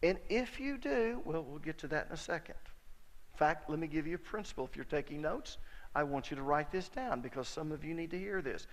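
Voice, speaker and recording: A man's voice: on the high side, lively intonation, fairly quick. A middle-aged man, a pastor, preaching a sermon and telling a personal story in a folksy, emphatic way. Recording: long hall reverb.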